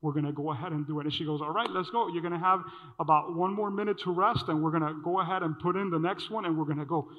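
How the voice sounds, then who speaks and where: Lively high-voiced man preaching in a reverberant hall. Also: fast talker. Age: adult. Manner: animated storytelling, acts out dialogue. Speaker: pastor. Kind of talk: sermon with personal story. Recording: dull sound with long hall reverb.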